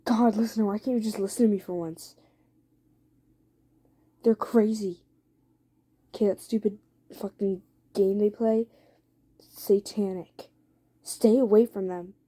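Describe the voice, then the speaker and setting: A woman's voice: medium pitch, fairly even intonation, unhurried, pauses often, husky. A woman voicing an angry, rude teenage boyfriend who sneers and swears during a heated argument. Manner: sneering, swearing, shouting at times.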